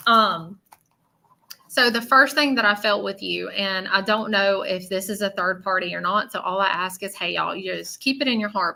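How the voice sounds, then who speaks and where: A woman's voice: mid-range voice, vocal fry, pushed and bright. A woman with a Southern accent hosting a live psychic reading, chatty and blunt with many fillers. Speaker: spiritual medium.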